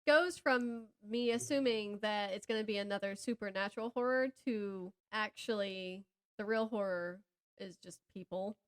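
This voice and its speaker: On a casual book podcast, a Southern American woman co-hosts at a moderate pace with a mid-range voice. Her book chat rambles, she stops herself partway through thoughts, and laughter comes often.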